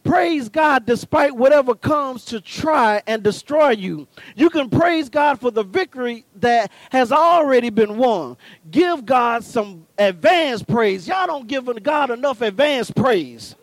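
A male preacher with a very high voice delivers a fervent sermon, swinging from calm teaching to shouted exhortation. He talks in a folksy, punchy way straight at the congregation, caught up close and dry. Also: a little slow, few pauses, no echo.

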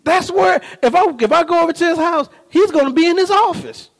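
A man preaching a sermon, animated and humorous, telling stories and often asking the congregation whether they follow him. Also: extremely high pitch, fairly quick. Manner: humorous storytelling with laughs. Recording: long reverb of a large hall.

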